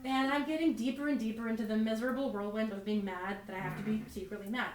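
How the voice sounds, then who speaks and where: A fast-talking stand-up comedian with a slightly high voice and steady tone rambles through self-deprecating stories, often starting over. There's slight background noise, and the recording sounds roomy with a distant mic.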